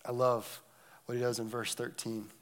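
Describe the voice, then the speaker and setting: A man preaching a sermon, swinging between loud emphatic lines and hushed, almost whispered moments. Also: mid-range voice, level tone, normal speed. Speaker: pastor.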